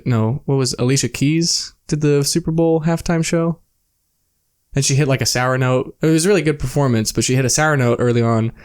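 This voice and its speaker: A man's voice: medium pitch, a little mellow, clear, resonant tone. A tired man co-hosting a podcast in casual chat, rambling and laughing often. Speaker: podcast co-host.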